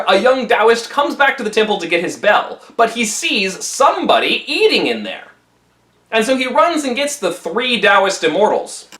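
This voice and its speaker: Animated, high-voiced male storyteller. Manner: animated, jokey asides. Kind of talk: casual storytelling. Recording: roomy echo.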